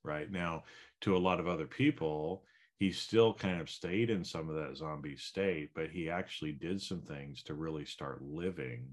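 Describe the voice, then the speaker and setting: A man's voice: extremely low pitch, normal speed. A man co-hosting a podcast, musing in a reflective, rambling way with many fillers. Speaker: podcast co-host. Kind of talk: casual chat.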